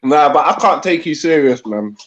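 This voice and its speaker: A man's voice: fairly high pitch, expressive, normal speed. A man on a live panel, mocking and insulting the guest in a dismissive tone. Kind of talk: heated live panel argument. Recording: dull lo-fi call audio.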